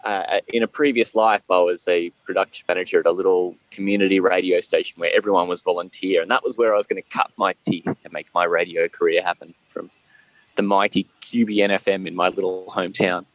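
A man's voice: low-pitched, steady tone, fairly quick, dry recording, low-quality recording. A man with an Australian accent, a podcast guest chatting casually and laughing at himself. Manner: laughs often, self-deprecating. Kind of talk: casual chat.

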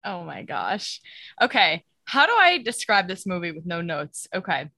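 A woman's voice: fairly low pitch, sing-song, moderate pace, pushed and bright, dry recording, clean studio sound. A young adult woman co-hosting a casual podcast, rambling through a plot summary with many fillers and restarts. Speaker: podcast co-host. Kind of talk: casual chat.

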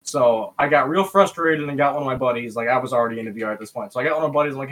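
Bright, animated storyteller man. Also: medium pitch, racing, few pauses. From West Michigan, US. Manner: animated, profane, acts out quoted voices. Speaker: podcast guest. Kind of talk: casual storytelling.

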